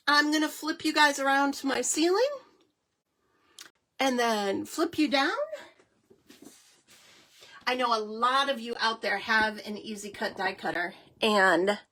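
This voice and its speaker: A chatty, excitable middle-aged woman hosting a live card-making stream, with lots of fillers. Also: fairly high pitch. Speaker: host of a live crafting show.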